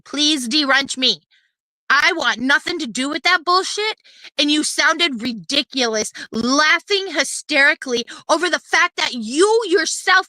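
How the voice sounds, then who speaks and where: A woman's voice: high-pitched, sharp tone, no echo, poor audio. A woman streamer delivering a heated, profane rant, confrontational and repetitive as she scolds another creator. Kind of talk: heated ranting commentary.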